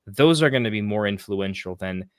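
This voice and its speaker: A man in casual podcast chat about fantasy football, rambling and excitable, with frequent restarts and casual swearing. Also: on the low side, moderate pace, smooth, no echo, clean studio sound.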